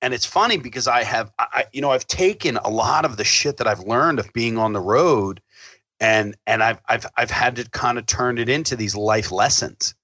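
Man, casual storyteller, swears freely and acts out quotes, bright forceful voice, dry sound. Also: mid-range voice, normal speed, dry recording, dull audio. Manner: profane, animated storyteller acting out quotes.

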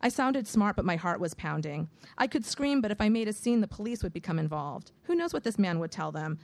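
Woman audiobook narrator, wry and measured, mid-pitched voice, dry close sound. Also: big pitch swings, gravelly, a little mellow, no room sound. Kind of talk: first-person audiobook narration.

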